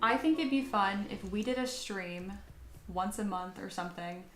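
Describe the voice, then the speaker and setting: A woman's voice: mid-range voice, moderate pace, echoey room, soft background music. A woman sculpting on a live stream, chatting casually with her viewers and reading their comments aloud, often poking fun at herself. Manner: chatty, self-deprecating, reads chat aloud.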